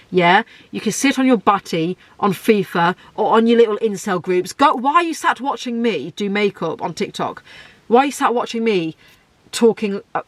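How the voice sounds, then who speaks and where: A woman, hosting a solo podcast in a blunt, outspoken, ranting way. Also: no room sound. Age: 20s. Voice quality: deep voice. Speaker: podcast host.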